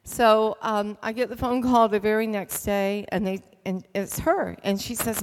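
A middle-aged woman shares a personal faith testimony in an earnest, storytelling way, pausing on small fillers. Her voice sits at an ordinary middle pitch. The sound trails off in the long reverb of a large hall. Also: steady tone. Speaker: speaker giving testimony.

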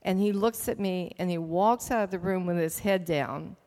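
A woman's voice: fairly low pitch, normal speed, a little mellow. A middle-aged woman giving an earnest personal faith testimony, telling it as a story with small hesitations. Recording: long reverb from a large hall.

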